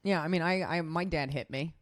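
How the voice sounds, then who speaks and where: A woman's voice: sits low, brisk, dry recording. Woman rambling through a profane story. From Nevada, USA. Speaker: podcast co-host. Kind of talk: casual chat, storytelling.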